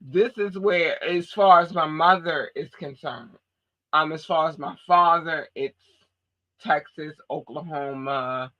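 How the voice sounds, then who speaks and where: A woman's voice: low voice, slow, fairly bright tone, lo-fi sound. A woman from Baltimore with a Baltimore accent, podcast host in casual chat, talking in an emphatic, blunt and profane way. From Baltimore, USA.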